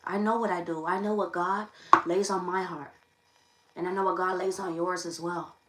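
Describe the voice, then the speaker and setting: With a lowish voice, a steady tone, and normal speed, this woman hosts a tarot live stream, preaching emphatically and repeating her lines again and again. Her impassioned monologue comes through an echoey room, a far mic, and faint noise.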